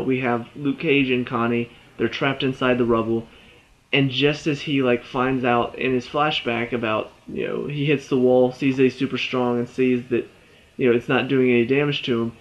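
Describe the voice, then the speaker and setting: A man's voice: medium pitch, dull audio. A man giving a casual, rambling spoken review of a TV episode, full of fillers and asides. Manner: rambling, chatty, many fillers.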